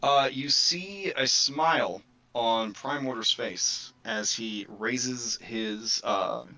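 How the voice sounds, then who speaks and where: A man with a bright, sharp-edged voice narrates as game master of a tabletop game. He talks in a relaxed way, filling pauses as he goes. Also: mid-range voice, low-quality recording.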